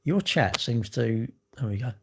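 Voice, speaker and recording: A man's voice: mid-range voice, expressive, measured pace, vocal fry, background noise. A middle-aged man with a British accent, rambling bluntly in slangy casual chat while answering a livestream chat.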